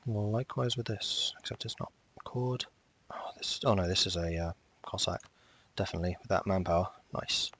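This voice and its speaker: A man's voice: deep voice, fairly quick, fairly bright tone, no echo. A man casually commenting on his strategy game as he plays, often muttering to himself and talking back to the game. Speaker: strategy game let's player.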